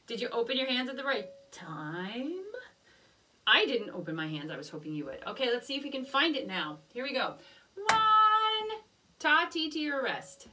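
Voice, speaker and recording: A woman teaching a music lesson to young children, gently encouraging and chanting rhythm syllables in a sing-song voice. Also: on the high side, very animated, a little fast, far from the mic, slight background noise.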